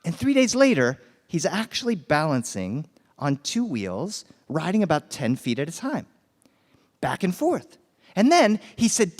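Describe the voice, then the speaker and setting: A man telling a personal story live to families, animated and acting out voices, dropping in Spanish phrases. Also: a little high, measured pace, in a large hall. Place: festival tent, live audience.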